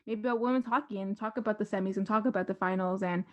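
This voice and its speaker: A woman's voice: medium pitch, racing. Female podcast co-host, chatty and careful with facts, muffled lo-fi mic. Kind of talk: casual sports chat.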